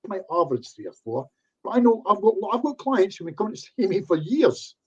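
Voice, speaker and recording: Husky-voiced hypnotherapist, lo-fi call. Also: male voice, high voice, very animated, fast talker, a little mellow. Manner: chatty, acts out quoted voices in asides. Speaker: hypnotherapist guest. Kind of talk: casual online interview chat.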